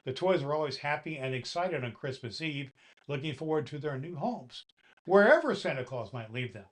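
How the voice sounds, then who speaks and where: A man in a Santa Claus role, gently reading a children's story aloud and talking to the boys and girls listening. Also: a little high, animated, normal speed.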